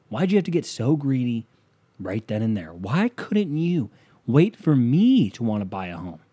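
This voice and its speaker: An American man hosts a podcast with a casual, comedic rant, cursing and throwing out rhetorical questions while lurching between loud outbursts and quiet mutters. His voice has a breathy edge.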